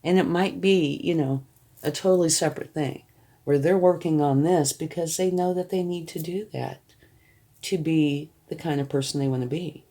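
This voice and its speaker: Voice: mid-range voice, steady tone, moderate pace, warm tone. A tarot reader giving a reading to the viewer, reassuring and often checking in, thinking aloud while turning cards.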